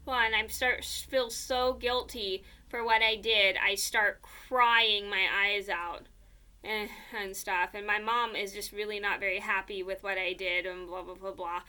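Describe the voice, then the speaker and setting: A woman's voice: mid-range voice, steady tone, unhurried, bright, forceful tone. A young woman casually telling a personal story, rambling with many fillers and repeated "blah, blah, blah.".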